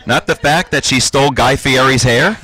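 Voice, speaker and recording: A man's voice: mid-range voice, normal speed, sharp tone. A man in his forties doing a stand-up comedy set on stage, with punchy, self-mocking delivery. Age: 40s. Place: stage before a live audience.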